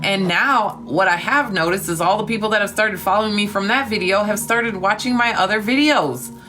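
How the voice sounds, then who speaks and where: A woman's voice: medium pitch, normal speed, over music. A woman chatting live with her viewers, gushing and calling them honey and darling while talking about gratitude and trust. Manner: spiritual talk of gratitude and trust. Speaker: TikTok live streamer. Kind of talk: casual live-stream chat with viewers.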